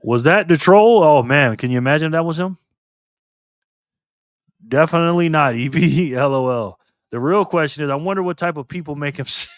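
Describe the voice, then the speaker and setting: A man's voice: a little high, moderate pace, dry recording, studio quality. A man hosting a casual live stream, chatting loosely with viewers and laughing easily. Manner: laid-back, chatty, laughs often, greets viewers.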